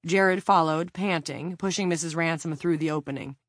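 A woman reading a novel aloud in steady, measured storytelling narration. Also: deep voice, no echo, studio quality. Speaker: audiobook narrator. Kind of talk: scripted narration.

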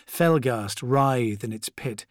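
A man's voice: medium pitch, dry recording. Man narrating a war story, dry close sound. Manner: measured, dramatic storytelling. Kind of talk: scripted audiobook narration.

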